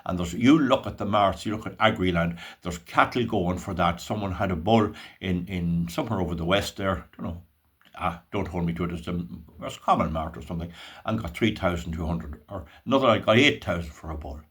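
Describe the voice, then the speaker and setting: A man's voice: deep voice, brisk, fairly bright tone. An older Irish man hosting his own channel, talking in a folksy, rambling monologue with restarts and asides. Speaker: channel host. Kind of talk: casual monologue.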